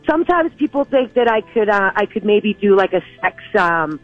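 A woman calling a radio show, with a deep, slightly rough voice, speaking hesitantly with many fillers. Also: big pitch swings, normal speed, lo-fi sound, soft background music. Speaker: caller, hospital worker. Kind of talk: casual phone-in chat.

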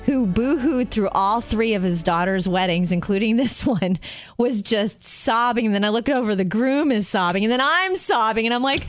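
A middle-aged woman co-hosting a show, telling stories in a lively, animated way. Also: on the high side, dry recording, soft background music. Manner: animated storytelling, quick asides. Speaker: radio show co-host. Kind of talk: casual chat.

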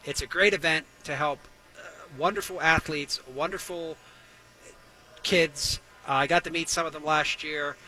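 A man's voice: a little high, fairly even intonation, moderate pace, sharp tone, low-quality recording. A man hosting a talk show, ranting sarcastically and riffing for laughs. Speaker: radio show host. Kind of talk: comedic talk-show rant.

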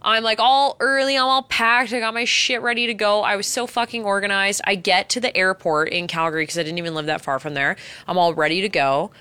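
A woman's voice: mid-range voice, clear, resonant tone, no echo. Young woman telling a swear-heavy story. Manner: swears a lot, animated retelling. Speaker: radio podcast co-host. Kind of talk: casual chat, storytelling.

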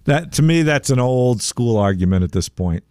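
Lively, emphatic male sports radio host. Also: mid-range voice, normal speed, clear, resonant tone, no echo, clean studio sound. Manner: animated, emphatic, gets fired up.

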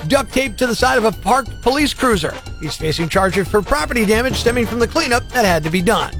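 Radio guy with a really high sharp voice, snarky and loud, music under him. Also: expressive, brisk. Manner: sarcastic, mocking and loud. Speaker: radio morning show host. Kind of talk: brash radio banter. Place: radio studio.

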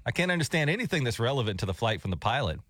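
A man's voice: mid-range voice, very animated, racing, a bit bright, no room sound, clean studio sound. A man hosting a morning radio show, chatting in an easygoing way and reading station promos. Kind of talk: casual radio banter.

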